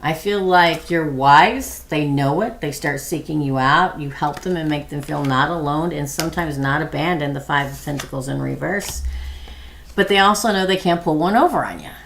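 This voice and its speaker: A woman's voice: low-pitched, moderate pace, creaky, fairly bright tone, a little hiss or hum. A middle-aged woman giving a live tarot reading, chatty and thinking aloud with many ums as she answers viewer questions. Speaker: tarot reader.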